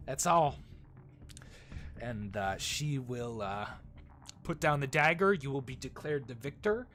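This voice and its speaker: A man's voice: medium pitch, animated, a little slow, fairly bright tone. A man narrating as dungeon master, casual and laughing, with frequent fillers. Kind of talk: narrating a tabletop game.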